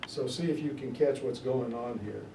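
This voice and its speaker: A man's voice: mid-range voice, normal speed, vocal fry, dark tone. A middle-aged man tutoring a class, reading Shakespeare aloud and explaining it in plain asides, stretching key words as he goes. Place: classroom in a church tutoring program. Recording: echoey room, distant mic, faint noise.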